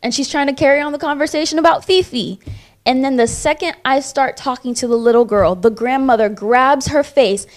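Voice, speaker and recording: A woman's voice: high voice, brisk. A woman in a casual discussion, telling her story with animation and acting out the voices of the people in it.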